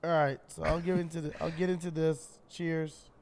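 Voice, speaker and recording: A man co-hosting a podcast, telling a story in an animated, casual way and swearing freely. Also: on the high side, normal speed, vocal fry. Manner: animated, swearing, acts out his own shouts. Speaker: podcast co-host.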